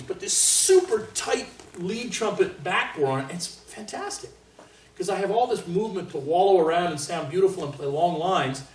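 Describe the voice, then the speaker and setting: A man from Canada leading a trumpet master class in a casual, joking way, with boastful asides and sudden loud exclamations. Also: sits high. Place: large room with an audience. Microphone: distant microphone. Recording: roomy, distant sound.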